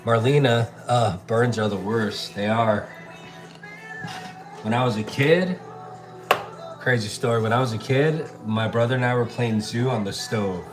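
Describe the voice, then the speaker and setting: A relaxed man talks through a live cooking stream, answering viewers as they comment and tossing in plenty of bro and dude. His voice sits in an ordinary middle pitch. Music plays clearly behind him. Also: unhurried, pauses often. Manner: chatty, laid-back, reads and answers viewer comments, calls people bro and dude. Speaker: chef livestreaming while cooking. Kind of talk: casual live-stream chat while cooking.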